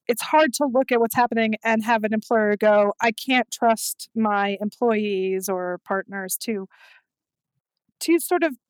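A woman's voice: fairly high pitch, darkish tone, no room sound, rough recording. A woman hosting a podcast interview, talking in a thoughtful, conversational way. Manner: conversational, thoughtful, light laughs. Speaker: podcast host. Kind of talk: casual interview chat.

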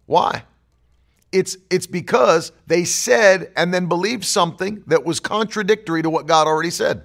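A man's voice: on the high side, lively intonation, normal speed, creaky, fairly bright tone. A man preaching a sermon as pastor, emphatic and driving his points home with repeated declarations.

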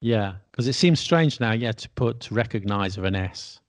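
A man's voice: on the low side, lively intonation, moderate pace. A British man in casual educational chat, explaining things wryly and spelling words out letter by letter. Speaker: podcast co-host explaining spelling.

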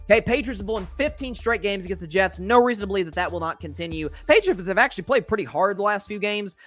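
A man's voice: sits high, lively intonation, fast, fairly bright tone, soft background music. A man hosting a solo sports podcast, rambling through his game picks with many fillers and self-corrections.

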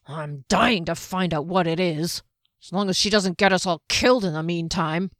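A woman voicing a grumpy, quick-tempered male traveler who complains bluntly and sourly. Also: high voice, fairly bright tone, dry recording, studio quality. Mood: grumbling. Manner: blunt, grumbling, slow and sour.

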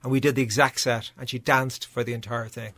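A man from Dublin with an Irish accent, a guest musician telling lively anecdotes in a radio studio chat. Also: medium pitch, brisk. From Dublin, Ireland. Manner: animated anecdotal storyteller.

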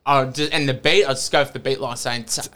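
A man's voice: mid-range voice, fairly even intonation, fast talker, a bit bright. An Australian man chatting casually as a podcast guest, rambling and laughing often, restarting his sentences.

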